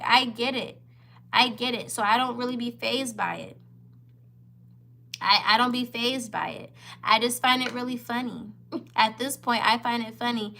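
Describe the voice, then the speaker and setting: A woman's voice: on the high side, pushed and bright. A woman in her twenties telling a story in a casual vlog. She talks candidly and straight to her viewers, and she often repeats her phrases. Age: 20s. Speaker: vlogger.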